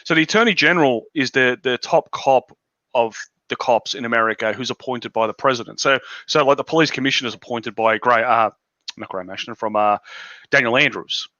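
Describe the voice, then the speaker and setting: Australian man, podcast host, ranting, profane, sharp bright voice, dull lo-fi recording. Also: mid-range voice, fairly quick, dry recording. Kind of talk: casual political chat.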